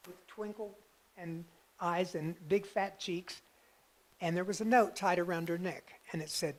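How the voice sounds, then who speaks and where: A man giving a talk as a guest speaker, telling a personal story with lively swings between loud bursts and hushed passages. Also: sits high, a little slow.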